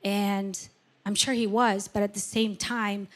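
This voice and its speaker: A woman giving a personal testimony at church, speaking candidly and emotionally, halting often with fillers. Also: mid-range voice, little pitch movement.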